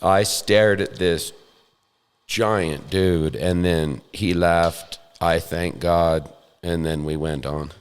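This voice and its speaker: A man's voice: sits low, steady tone, slow, clear, resonant tone. A man hosting a podcast, telling a funny story in a self-deprecating way with chuckles. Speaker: podcast host. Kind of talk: storytelling in casual chat. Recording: roomy with long reverb.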